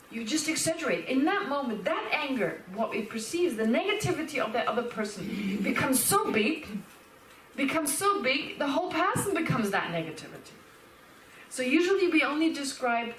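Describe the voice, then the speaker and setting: A woman teaching Buddhist philosophy as a lecture, lively and animated, laughing and acting out little quotes as she explains. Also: on the high side, a little hiss or hum. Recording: roomy hall, speaker far from the mic.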